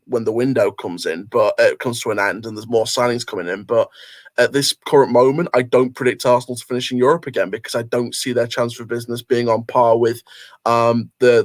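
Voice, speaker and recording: Opinionated man calling in. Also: medium pitch. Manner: earnest, opinionated, rambling. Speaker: caller. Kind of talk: casual phone-in chat.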